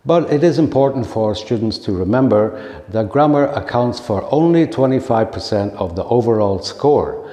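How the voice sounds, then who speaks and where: A man delivering a scripted lesson for teachers in a calm, measured way. His voice is mellow and dark, mid-pitched. The sound rings in a roomy space with a long reverb tail. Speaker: teacher trainer. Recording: echoey room with long reverb.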